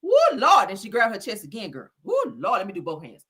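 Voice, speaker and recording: A woman's voice: medium pitch, very animated, fast talker, a bit bright, breathy edge. A woman hosting a gossip show in a casual comedic monologue, sassy and melodramatic, forever calling her listeners child, honey and girl. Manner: melodramatic, calling on the Lord and Jesus. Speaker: host of a celebrity gossip show.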